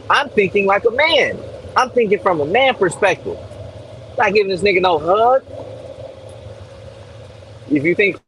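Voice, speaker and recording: A man's voice: high voice, slight background noise, low-quality recording. A man giving a blunt, streetwise Bible talk with a Southern US accent, repeating phrases as he teaches. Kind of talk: informal preaching talk.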